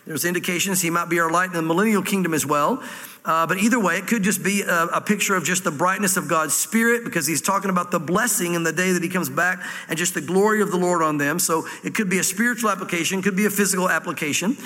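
A man's voice: high-pitched, fast, pushed and bright, long reverb tail. A man with a Southern American accent preaching a verse-by-verse sermon to a congregation, reading scripture and then explaining it with folksy asides. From Southwest Virginia, US. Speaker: pastor. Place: church room with audience.

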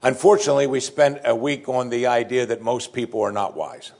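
A pastor preaches to his congregation in a husky, mid-pitched, slightly mellow voice, speaking briskly. He drives home key phrases by repeating them with rising emphasis.

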